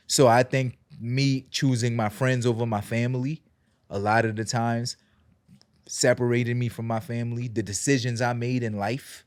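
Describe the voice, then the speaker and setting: A man's voice: mid-range voice, no echo, studio quality. A young adult man co-hosting a podcast, talking in a candid, reflective way with slang fillers. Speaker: podcast co-host. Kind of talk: casual chat.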